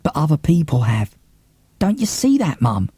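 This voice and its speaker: Storybook teen boy, moody and defensive, voiced by a man, dark-toned. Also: fairly high pitch, wildly swooping pitch, normal speed, husky, dry recording, voice pushed up, full character voice. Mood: intense. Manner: curt, defensive. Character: troubled moody sixteen-year-old boy.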